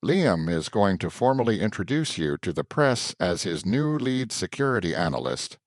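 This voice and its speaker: A poised, shrewd woman assistant, as a man reading aloud puts her on, speaking in measured, earnest sentences. The voice sits deep but rises and falls a lot. The sound is close and dry, with no room around it. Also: no room sound. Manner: calm, measured, warning in a hushed tone.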